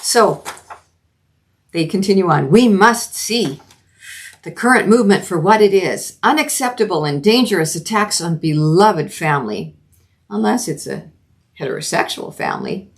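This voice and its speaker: A woman's voice: on the low side, expressive, moderate pace. A middle-aged woman from Canada hosting a solo commentary podcast, talking earnestly and emphatically with frequent restarts. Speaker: podcast host.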